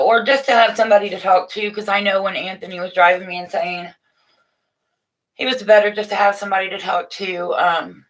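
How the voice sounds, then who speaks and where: A middle-aged woman hosting a casual morning livestream, chatting warmly and motherly with viewers from a room at home, with frequent restarts. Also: mid-range voice. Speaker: livestream host. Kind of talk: casual live chat to viewers.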